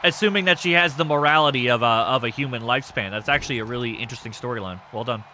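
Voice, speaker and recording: A man hosting a live stream, chatting casually and excitably with viewers, joking and swearing freely. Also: mid-range voice, racing, noisy background. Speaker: streamer hosting a wrestling show.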